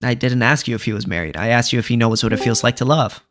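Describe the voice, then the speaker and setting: A man's voice: mid-range voice, quick pace, fairly bright tone. A man hosting a heated online debate, blunt and argumentative, repeating his challenges. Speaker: debater, channel host.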